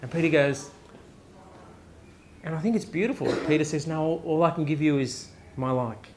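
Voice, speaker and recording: An Australian pastor delivers a loose, conversational sermon at a live service, full of jokes and quick "right?" asides. His voice sits a little higher than most men's. A faint background hum from the room runs under his talk. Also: a little mellow. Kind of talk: casual sermon. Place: chapel during a live service.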